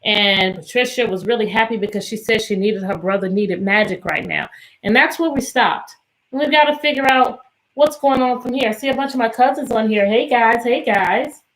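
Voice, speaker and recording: A woman's voice: a little high, normal speed, fairly bright tone, a little hiss or hum, rough recording. A woman teacher from Virginia leading a live online reading session for children over a video call. She greets the kids by name in a cheerful, encouraging way and sometimes sings her questions. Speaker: teacher and tutor hosting an online read-aloud.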